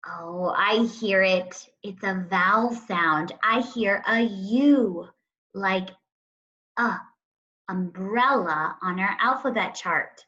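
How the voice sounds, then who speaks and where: A woman teacher talks young children through a writing lesson at an unhurried pace. She speaks deliberately and draws out the sounds of words one at a time. The recording is dull and lo-fi. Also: mid-range voice, bright, forceful tone. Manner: slow, deliberate, stretching out word sounds.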